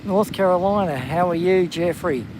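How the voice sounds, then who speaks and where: This Australian man's voice sits high and is a little mellow, moving at normal speed. He hosts a live stream on a windy coastal headland, casually chatting and greeting viewers by name, in a rough recording with slight background noise.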